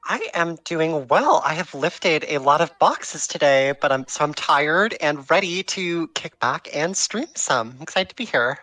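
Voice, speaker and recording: A man co-hosting a casual gaming stream, relaxed and teasing. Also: on the high side, measured pace, few pauses, no echo, faint music behind, rough recording. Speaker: stream co-host.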